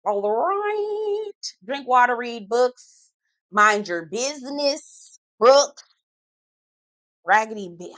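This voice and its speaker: A woman's voice: on the high side, expressive, slow, pauses often, a bit bright, dry recording. A woman giving a sassy, dramatic, casual recap of a reality TV episode as a vlogger, full of slang asides.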